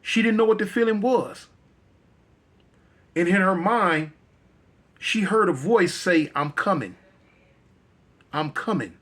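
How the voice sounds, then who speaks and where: A man's voice: high-pitched, takes it slowly, pauses often, fairly bright tone. A male storyteller telling a dramatic tale in a conversational, repetitive way.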